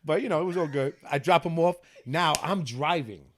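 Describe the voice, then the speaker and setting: Animated New man telling a story. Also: a little high, moderate pace, a little hiss or hum. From New York City. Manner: animated, laughing, profane storyteller. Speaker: podcast guest, actor. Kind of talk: casual storytelling.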